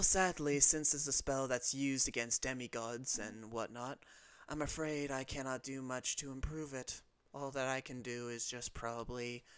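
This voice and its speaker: Weary goddess talking slow and calm, a guy voicing her, bright clear voice, dry sound. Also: medium pitch, no echo, natural voice. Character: weary goddess, the Raven Queen.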